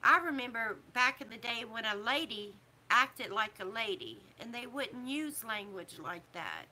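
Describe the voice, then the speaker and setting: A middle-aged woman, talking casually to camera as a vlogger in a disapproving, preachy way with drawn-out emphasis. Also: on the high side, sing-song, bright, forceful tone, slight background noise. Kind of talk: casual opinion talk to camera.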